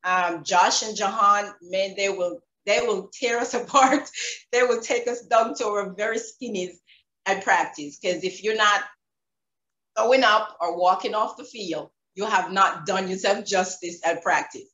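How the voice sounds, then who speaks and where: A woman with a Jamaican accent, a former track athlete telling stories in an interview, animated and laughing, acting out quotes. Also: medium pitch, measured pace, echoey room, poor audio. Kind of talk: reflective interview storytelling.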